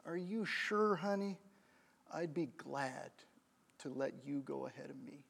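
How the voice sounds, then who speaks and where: A man voicing a kind, caring woman in a bank line, speaking gently and softly. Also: very high voice, normal speed, vocal fry, in a large hall, voice pushed up. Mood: tender. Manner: soft, gentle and hushed.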